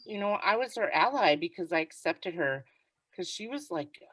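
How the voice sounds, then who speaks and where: A woman co-hosting a podcast in casual chat, talking in an animated way and filling her sentences with "like". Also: fairly low pitch, normal speed, no room sound. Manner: animated, chatty, heavy use of "like". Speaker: podcast co-host.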